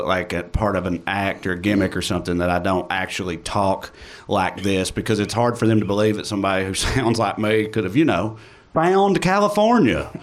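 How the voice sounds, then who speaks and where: A man from Tennessee with an Appalachian accent, a comedian guest chatting in a laid-back, wry way. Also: on the low side. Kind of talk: casual conversation.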